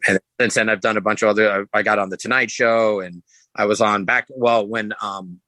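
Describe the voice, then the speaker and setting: A man with a bright, forward voice spins rambling backstage stories as a podcast guest. He swears casually and restarts his sentences. His voice leaps up whenever he quotes someone, and the recording is dry and close. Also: steady tone, fairly quick, no echo, poor audio. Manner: rambling, restarts, acts out quotes with pitch jumps. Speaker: podcast guest, sideshow performer. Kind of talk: casual storytelling.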